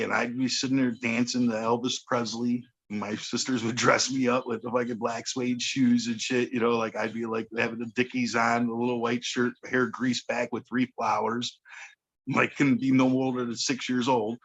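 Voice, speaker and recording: A man's voice: medium pitch, little pitch movement, normal speed, a bit bright, breathy edge, lo-fi sound. A man, telling a street story on a podcast in a blunt, profane way, often checking in with "okay.". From Chicago. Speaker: podcast guest. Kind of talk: casual storytelling chat.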